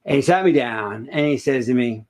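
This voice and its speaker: A man coaching an actor in an improvised comedy scene, pushy and full of quick restarts. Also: medium pitch, a little mellow.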